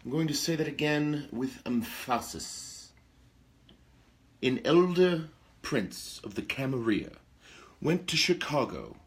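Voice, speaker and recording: A man's voice: mid-range voice, natural voice. A man playing a pompous, theatrical aristocratic male vampire lord who hosts a talk show, with grandiloquent speech and gossipy asides. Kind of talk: in-character role-play talk show.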